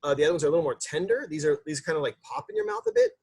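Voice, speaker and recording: A man's voice: a little high, huge pitch swings, rapid-fire, gravelly, a little mellow, slightly rough. A man, a chef, giving a casual cooking demonstration in a loose, chatty way with lots of fillers and restarts.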